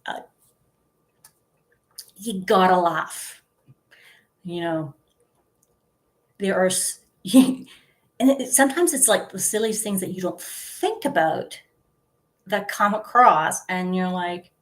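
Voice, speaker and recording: Woman in her fifties, vlogger, slow unhurried talk, chatty, giggly, filler-heavy. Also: lowish voice, expressive. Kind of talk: casual chat.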